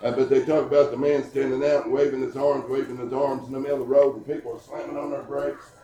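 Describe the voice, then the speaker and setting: A man preaching an earnest sermon at a church service, telling stories and slowing down to read scripture. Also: medium pitch, level tone, warm tone, a little hiss or hum. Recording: echoey church room with music behind.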